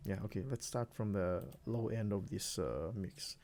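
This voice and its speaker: A man producing music, walking through his own beat in a relaxed, rambling way, with many fillers and restarts. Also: fairly low pitch, normal speed. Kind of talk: casual screen-recorded tutorial.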